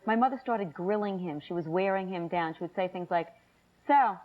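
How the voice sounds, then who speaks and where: A woman's voice: fairly low pitch, a little fast. A woman telling family stories in talk show chat, acting out relatives' voices. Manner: animated, acts out family members' voices. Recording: muffled old VHS tape with loud hiss.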